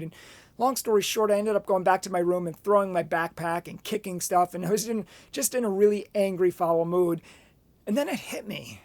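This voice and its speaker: A man's voice: sits high, dry recording. A man giving a motivational Catholic talk, telling a personal story and acting out what people said. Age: adult, past college. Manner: animated storyteller with acted-out quotes. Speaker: Catholic speaker.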